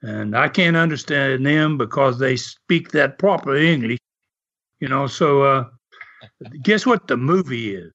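A man's voice: mid-range voice, animated, measured pace, a bit bright. An older man from the American South with a Southern drawl, telling stories casually with chuckles and many "uh" fillers. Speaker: former wrestler telling stories. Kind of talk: casual storytelling. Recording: dull lo-fi audio.

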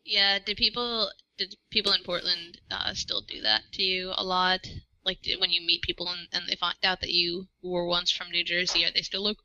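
A woman guest in a casual podcast chat, easygoing and quick to laugh. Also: on the low side, little pitch movement, sharp tone, no echo. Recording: dull lo-fi recording.

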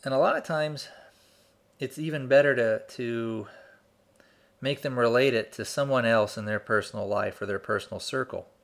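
Male presenter, mid-pitched and measured, walks the listener through an example story. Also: vocal fry. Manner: measured, explanatory, builds a story step by step. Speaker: speaker teaching persuasion. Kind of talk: instructional talk with storytelling.

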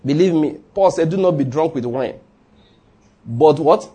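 A man's voice: fairly high pitch, expressive, unhurried, mellow. A man preaching a sermon in a church, humorous and conversational, leading the congregation in call-and-response. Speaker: pastor.

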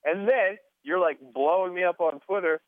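A man's voice: high-pitched, normal speed, dry recording. A man telling casual stories as a podcast guest, acting out what people said. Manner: laid-back storyteller, acts out quotes. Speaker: podcast guest, motocross mechanic. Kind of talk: casual chat. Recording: tinny phone-like line.

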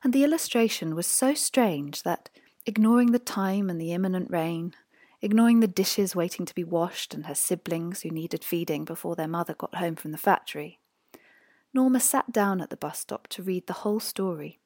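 A woman narrating a fairy tale in a hushed voice that often drops to a whisper. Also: on the low side, moderate pace, dry recording, studio quality. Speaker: audiobook narrator. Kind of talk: storybook narration.

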